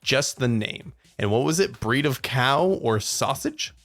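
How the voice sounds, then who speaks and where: A man co-hosting a casual podcast, playfully thinking out loud and laughing often. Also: mid-range voice, animated, a little slow, soft background music. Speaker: podcast co-host. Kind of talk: casual chat.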